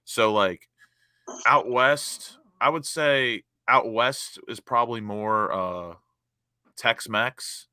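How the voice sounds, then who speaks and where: A man's voice: medium pitch, slow pace, bright, forceful tone, clear, resonant tone, no room sound. A man in casual chat, easygoing, asking curious questions and explaining things at length.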